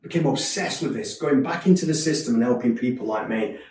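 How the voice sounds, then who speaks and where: A man's voice: mid-range voice, fairly quick, a little mellow, slight background noise. A man telling his life story in a candid, earnest way, often repeating words as he restarts. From Yorkshire, England. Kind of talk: personal testimony talk. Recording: echoey room from a distance.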